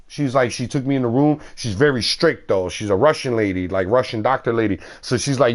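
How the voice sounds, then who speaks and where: A man's voice: mid-range voice, fast, hardly any pauses. A man streaming a game, chatting casually in a slangy, rambling way and swearing freely. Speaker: gaming streamer.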